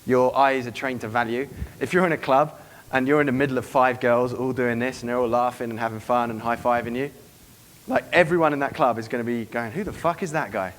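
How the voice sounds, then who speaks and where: A man's voice: medium pitch, steady tone, brisk. A man giving a live seminar talk to an audience, brash and profane, acting out bits of dialogue as he teaches. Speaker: dating coach giving a seminar.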